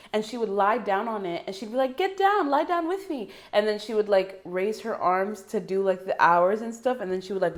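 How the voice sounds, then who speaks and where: A woman in her early twenties telling personal stories to camera in a casual, rambling way full of fillers. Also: fairly low pitch. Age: early 20s. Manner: rambling, filler-heavy and emotional. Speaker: vlogger.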